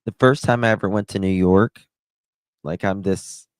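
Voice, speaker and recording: A man's voice: fairly low pitch, fairly even intonation, normal speed, no room sound. A man with a Southern accent hosting a live stream, telling stories in a chatty, rambling way. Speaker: livestream host. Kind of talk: casual live-stream chat.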